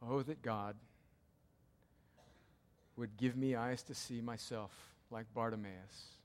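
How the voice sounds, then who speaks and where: A man preaching a sermon as pastor, emphatic and repetitive, swinging from loud cries to hushed, quiet passages. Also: mid-range voice, steady tone, slow pace. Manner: emphatic, repeats key lines, swings between loud cries and hushed tones. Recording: long hall reverb.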